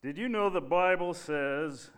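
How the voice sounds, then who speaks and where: A man's voice: on the high side, fairly bright tone, clean tone. Man doing a Southern-preacher church puppet. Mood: playful. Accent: put-on Southern US preacher. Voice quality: bouncy, drawn-out, showy delivery. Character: cheerful male church puppet playing preacher. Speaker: children's sermon puppet. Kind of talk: puppet children's sermon.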